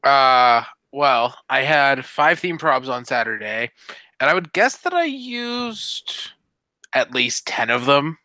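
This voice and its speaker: A man with a bright, forward voice talks through strategy in a loose, meandering way, full of "like" and "uh". His voice sits close and dry. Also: medium pitch, animated, slow pace, no echo. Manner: rambling explanations with many "uh" and "like". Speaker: podcast co-host. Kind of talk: casual podcast chat.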